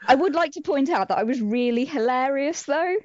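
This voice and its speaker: A woman's voice: high voice, brisk, a little hiss or hum. A young woman co-hosting a podcast, chatting casually and acting out quotes from shows in silly voices. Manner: animated storyteller, acts out quotes in silly voices. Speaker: podcast co-host. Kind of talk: casual chat. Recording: dull lo-fi podcast audio.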